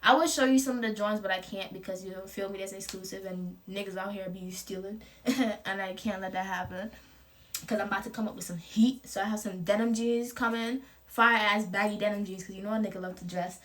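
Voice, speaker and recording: This young woman's medium-pitched voice is steady, brisk, and a bit bright. She's a vlogger plugging her clothing brand, talking casually at home to camera about confidence in a loose, profane, playful style, with lots of slang and frequent laughs. It's motivational talk.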